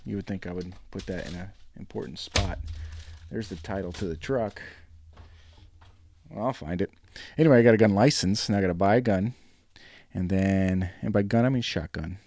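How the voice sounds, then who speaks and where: Hosting his own casual podcast, an adult man from New England, married for a decade, talks in a loose, filler-heavy ramble. His deep, darkish voice moves at normal speed and pauses often.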